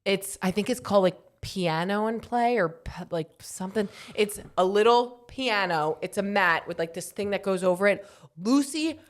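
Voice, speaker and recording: A woman co-hosts a relaxed podcast, chatting in a loose, rambling way. Her voice sits at an ordinary middle pitch, and she lets laughs slip into her talk. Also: normal speed. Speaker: podcast co-host. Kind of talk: casual chat.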